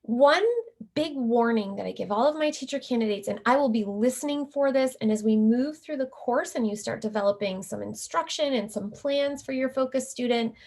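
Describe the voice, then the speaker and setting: A woman's voice: on the high side, a little mellow. A middle-aged woman lecturing teacher candidates, explaining carefully and demonstrating letter sounds. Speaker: teacher educator. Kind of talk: recorded lecture.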